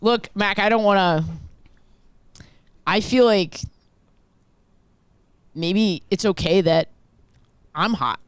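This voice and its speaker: A woman's voice: medium pitch, takes it slowly, long pauses, smooth, no room sound. A woman co-hosting a podcast in casual, blunt, jokey chat, swearing freely. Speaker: podcast co-host.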